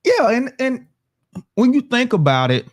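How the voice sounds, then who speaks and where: A man's voice: very high voice, big pitch swings, a little slow, no room sound, clean studio sound. A man hosting a casual political talk show, reading viewer comments aloud and laughing often. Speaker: podcast host.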